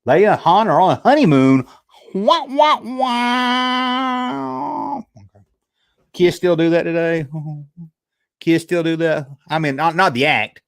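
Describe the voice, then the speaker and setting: A man's voice: fairly high pitch, moderate pace, pauses often. A man hosting a casual livestream, reading chat and joking around, yawning now and then. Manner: chatty, joking, animated retellings. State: sleepy, yawning. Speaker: YouTube host reading live chat.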